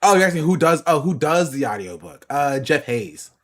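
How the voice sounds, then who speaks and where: A man's voice: a little high, big pitch swings, normal speed. A man streaming live, chatting casually and answering his viewers' questions. He laughs often and repeats phrases for emphasis. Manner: answers chat questions aloud.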